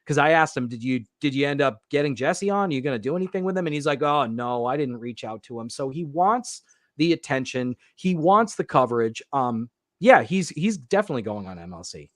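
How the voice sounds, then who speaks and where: A man's voice: a little high, animated, brisk, dry recording. A man guesting on a podcast, rambling on in casual banter. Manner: rambling, long-winded.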